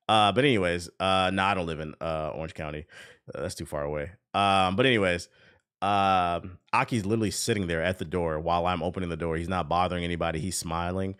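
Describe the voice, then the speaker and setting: A man streaming a game while telling a story casually, animated, swearing and laughing a lot. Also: low voice, fast talker, smooth. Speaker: gaming streamer.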